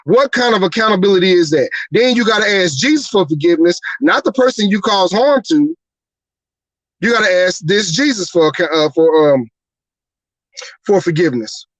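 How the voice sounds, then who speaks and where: A man with a raised, high-set voice delivers a heated rant as host of a live talk show. He is profane and fired up, and keeps hammering rhetorical questions. The sound is dry and close. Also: dry recording, poor audio.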